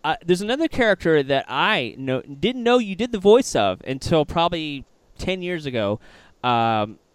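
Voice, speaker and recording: A man's voice: a little high, very animated, moderate pace, clean tone, no room sound. A man hosting a podcast, an enthusiastic fan chatting casually and rambling with many fillers. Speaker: podcast host. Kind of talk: casual interview chat.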